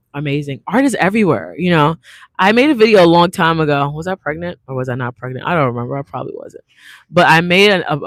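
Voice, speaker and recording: A woman's voice: on the low side, a bit bright, dry recording. A woman hosting a livestream as an artist, chatting casually in a rambling, slangy way and reading out viewer comments. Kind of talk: casual live chat.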